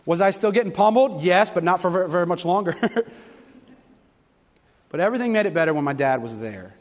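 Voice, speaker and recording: A man preaching a sermon to a congregation, telling stories with animated, fervent delivery. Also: sits high, fairly quick. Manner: animated storytelling, rising to loud fervent passages. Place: church sanctuary. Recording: long hall reverb.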